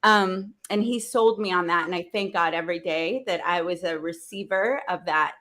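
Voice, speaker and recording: A woman's voice: fairly low pitch, moderate pace. A woman hosting a business panel, telling a personal story animatedly and acting out the dialogue. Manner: animated, acts out dialogue, laughs often. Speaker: event host.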